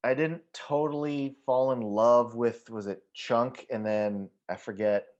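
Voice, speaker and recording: A man's voice: mid-range voice, fairly even intonation, a little slow, a little mellow, dull audio. A man co-hosting a casual movie podcast, rambling through thoughts with lots of restarts, fillers and casual swearing. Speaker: podcast co-host.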